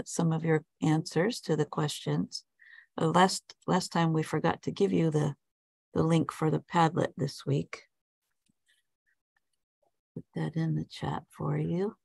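A woman co-hosting a casual online English class. She talks haltingly, with fillers, while handling links. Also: deep voice, little pitch movement, creaky, a little mellow, no room sound.

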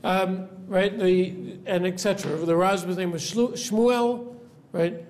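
Speaking slowly with fairly even intonation, a rabbi with a high but darkish voice lectures a classroom, slight background noise audible. He explains things step by step, quizzes the students, and adds "right?" after nearly every point.

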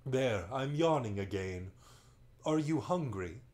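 A man's voice: medium pitch, expressive, takes it slowly, a little mellow. A man reading a bedtime story aloud, voicing a kindly, sleepy old male magician who is genial and chatty.

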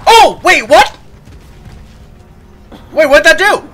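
A young man commentating a horror game, hoarse from screaming, who yells and swears at scares and mutters between them. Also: very high-pitched, animated, slow, faint music behind. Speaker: gaming video host.

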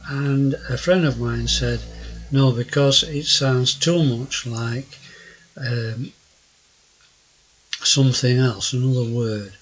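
An older man with a South Yorkshire accent talks slowly in a husky voice. His delivery is gruff, rambling and hesitant, full of fillers and false starts as he narrates his own nature vlog. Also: mid-range voice, steady tone, poor audio. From South Yorkshire, England. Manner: hesitant, many fillers and restarts; gruff-sounding. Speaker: naturalist vlogger. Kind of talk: casual rambling narration over photos.

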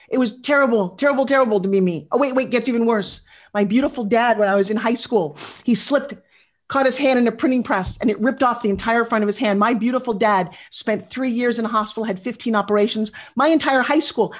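A woman in her fifties giving a motivational speech, animated and confessional, talking straight to her audience and asking for their replies. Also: fairly high pitch. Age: 50s. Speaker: motivational speaker.

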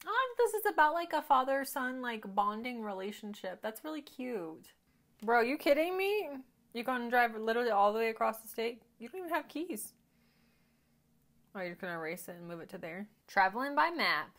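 Female reaction host, casual and talkative, expressive pitch, slips into quiet murmured asides. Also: fairly quick. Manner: chatty, thinks aloud, drops to quiet murmurs. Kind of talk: casual movie reaction commentary.

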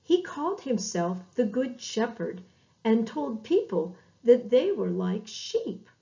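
A woman reading a children's Bible story for Sunday school, expressive and drawn out, with bleated lamb sounds. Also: fairly high pitch, slow, gravelly. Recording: dull lo-fi recording.

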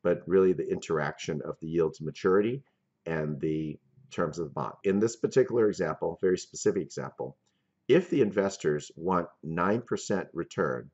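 A man with a very low voice lectures on finance and walks through each example step by step. The recording sounds dull and lo-fi. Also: a little mellow. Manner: methodical, explains step by step with worked examples.

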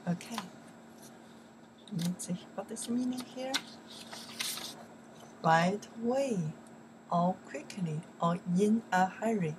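A woman teaching vocabulary, who says words loud and slow and drops into soft, quick English asides. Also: mid-range voice, lively intonation, a little hiss or hum. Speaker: Chinese teacher. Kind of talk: language lesson.

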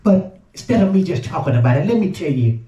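A man's voice: on the high side, quick pace, highs cut off. Chatty older man in echoey room. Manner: chatty, excitable, exclaiming over the food. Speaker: home cook vlogger. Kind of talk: casual cooking chat to camera.

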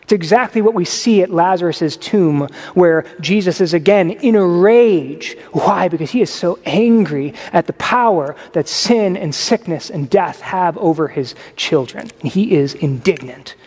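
High-voiced preaching man, reverberant hall. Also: measured pace, few pauses. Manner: conversational preaching with animated asides. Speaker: pastor. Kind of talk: sermon. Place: church sanctuary.

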